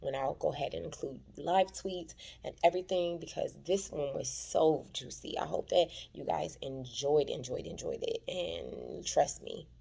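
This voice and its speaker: A woman's voice: sits low, moderate pace, vocal fry, few pauses, warm tone, breathy edge. A woman chattily retelling a TV episode in a dramatic recap, recording from her workplace. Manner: chatty, dramatic retelling, calls listeners "child". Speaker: TV recap vlogger.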